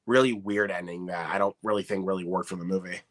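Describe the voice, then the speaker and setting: A man co-hosting a casual film podcast, sharing relaxed, enthusiastic opinions. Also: low voice, fast talker. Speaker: podcast co-host.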